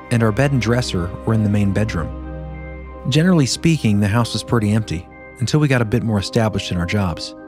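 A man hosting a podcast, reading a listener's first-person story aloud in a steady, measured way. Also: medium pitch. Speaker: podcast host.

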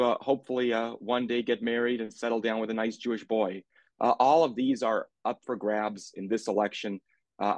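Man, low voice, halting with many uhs, candidate statement, dry sound. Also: vocal fry, a bit bright, dry recording. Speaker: congressional candidate. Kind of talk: candidate forum opening statement.

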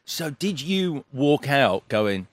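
A man hosting an interview, prompting his guest with quick questions and eager reactions. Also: medium pitch, big pitch swings, a little hiss or hum. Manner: engaged, prompting with quick questions and back-channel. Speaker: interview host. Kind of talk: casual interview.

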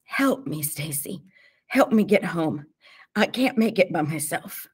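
A woman voicing a frightened, injured teenage boy who pleads and stammers in gasping, halting whispers. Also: lowish voice, animated, slightly rough. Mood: pleading.

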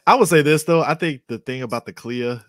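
A man co-hosting a casual movie podcast, relaxed, repeating himself and laughing often. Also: mid-range voice, fairly quick, dry recording. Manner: laid-back, laughs often, repeats words. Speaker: podcast co-host.

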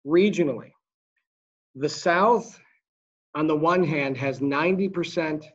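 A man's voice: mid-range voice, highs cut off. Man lecturing a small class. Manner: conversational, with asides and quick restarts. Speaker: high school history teacher.

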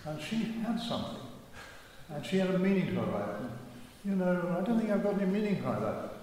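An older man voicing a rough, excitable Irish male prisoner, loud and blunt, in an echoey church. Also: high voice, brisk, recorded from a distance, slight background noise, voice pushed up. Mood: pleading.

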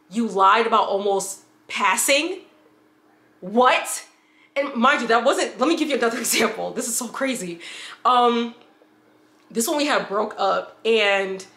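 Bright-voiced woman telling a candid story. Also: fairly high pitch, echoey room. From upstate New York. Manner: candid, rambling, swears freely. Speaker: vlogger. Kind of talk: casual storytime vlog.

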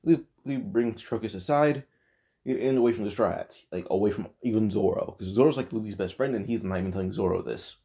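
Guy casually retelling a fan story, kinda low mellow voice, lots of "like" and restarts. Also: fast talker. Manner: rambling, full of "like" and restarts.

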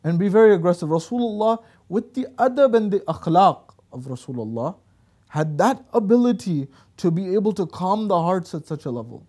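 Animated high-voiced man telling stories. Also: moderate pace. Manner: storytelling preacher, animated and emphatic. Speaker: guest speaker. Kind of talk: religious talk show discussion.

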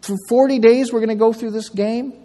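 A preacher voicing an arrogant giant warrior who shouts taunts at his enemies. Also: very high voice, fairly even intonation, fairly quick, voice pushed up. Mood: taunting. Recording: long church reverb.

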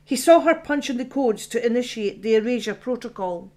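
A woman, the author, reading her own science fiction horror audiobook in a steady storytelling manner. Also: fairly high pitch, fairly quick. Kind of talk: audiobook narration.

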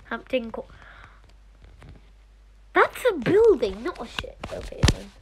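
A woman's voice: a little high, very animated, slow pace, darkish tone, a little hiss or hum, low-quality recording. A woman giving casual, giggly gameplay commentary, muttering half to herself as she scrolls through a game. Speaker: gaming streamer.

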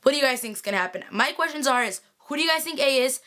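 Young female vlogger, rather high and sparkly voice, gushing fangirl recap, full of sighs and filler. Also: animated, rapid-fire, bright, forceful tone. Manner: gushing, sighing fangirl talk full of "like" and "freaking". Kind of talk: casual excited recap chat to viewers.

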